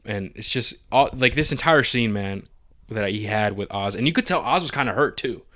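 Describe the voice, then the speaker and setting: Dude with a lowish voice hyped up recapping a show, cursing, acting out lines. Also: male voice, normal speed, no echo, studio quality. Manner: excited, profane, acts out characters' lines. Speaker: podcast co-host. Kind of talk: casual chat recapping a TV episode.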